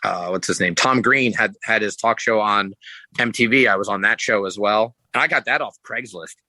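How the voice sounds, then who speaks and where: Bright-voiced man telling wild stories. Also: moderate pace, dry recording, low-quality recording. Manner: rambling, restarts, acts out quotes with pitch jumps; loose, swears casually. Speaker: podcast guest, sideshow performer. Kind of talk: casual storytelling.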